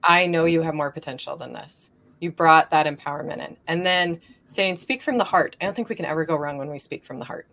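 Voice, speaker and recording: A woman's voice: low voice, fairly quick, a bit bright. A woman hosting a podcast, talking in an earnest, affirming way in casual conversation. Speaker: podcast host.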